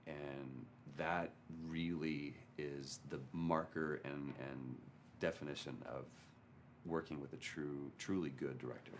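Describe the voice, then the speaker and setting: A man's voice: a bass voice, steady tone, takes it slowly, a little hiss or hum. A man speaking as an actor, candidly and with self-mockery, as he recalls a hard shoot. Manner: candid, storytelling, self-mocking. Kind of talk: documentary interview.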